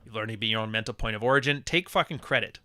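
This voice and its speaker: A man's voice: fairly low pitch, racing, sharp tone, no echo, clean studio sound. A man hosting a live podcast, reading chat messages and talking in a blunt, profane, wisecracking way. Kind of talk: casual livestream monologue.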